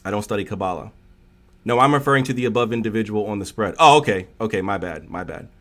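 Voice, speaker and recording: A man's voice: fairly low pitch, fast, fairly bright tone. A man hosting a casual livestream chat who rambles off on tangents with lots of fillers and answers chat comments aloud. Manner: rambling, digressive, heavy on fillers. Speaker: livestream host.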